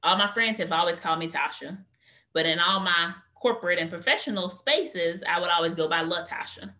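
A lively American woman with a bright, forceful voice that sits on the low side speaks fairly quickly. She's a career coach appearing as a guest in a conversational interview, telling animated stories and acting out quotes.

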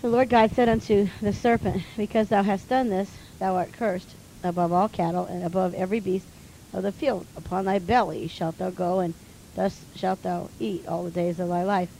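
A woman reading King James scripture aloud slowly and steadily. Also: medium pitch, steady tone, gravelly, mellow, slight background noise, rough recording. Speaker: scripture reader.

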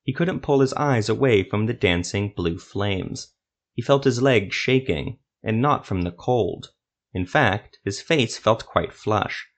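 Male storyteller, lowish voice, steady measured fantasy narration.

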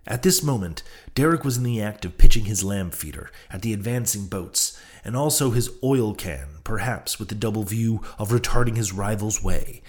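A man narrating an old sea novel as an audiobook, in a measured storytelling manner. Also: fairly low pitch. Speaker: audiobook reader. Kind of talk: scripted narration.

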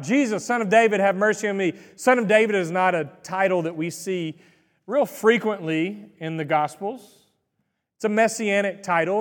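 A man's voice: sits high, big-room sound. A man preaching a sermon in a conversational, folksy storytelling way, with asides to the congregation. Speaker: pastor.

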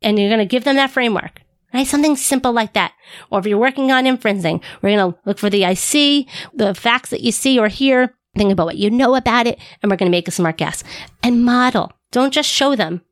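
A woman's voice: a little high, a little fast, no echo, studio quality. A woman speech-language pathologist giving instructional talk to fellow clinicians in an upbeat way, posing rhetorical questions as she goes. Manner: upbeat, rhetorical questions, acts out student voices.

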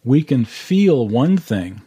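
A man's voice: medium pitch, big pitch swings, slow, warm tone, husky. A man teaching a Bible class over a video call, earnestly walking through verses and explaining them step by step.

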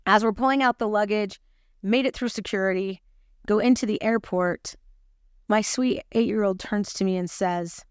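A woman's voice: medium pitch, moderate pace, clean tone, dry recording, studio quality. A woman hosting a gospel lesson podcast, mixing scripture with chatty, confiding personal stories. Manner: chatty, confiding, self-deprecating.

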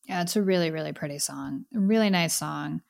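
Chatty woman podcast host, slightly low voice. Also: a little fast, vocal fry, dry recording, clean studio sound. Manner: enthusiastic, chatty, lots of "like". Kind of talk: casual music review chat.

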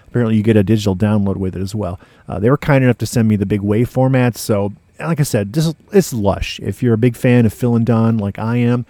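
Laid-back male rockabilly DJ, mellow tone. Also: lowish voice, no echo. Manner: laid-back hipster slang, says "man" often. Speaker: radio DJ and podcast host. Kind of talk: casual music-show patter.

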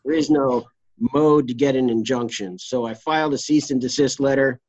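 Blunt, salty trial lawyer telling a story. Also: male voice, medium pitch, normal speed, darkish tone, no room sound, muffled recording. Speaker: trial lawyer, interview guest. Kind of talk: candid storytelling interview.

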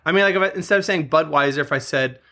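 Gravelly bright-voiced young man chatting. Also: a little high, racing. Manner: laughing, rambling storyteller. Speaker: podcast co-host. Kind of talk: casual chat.

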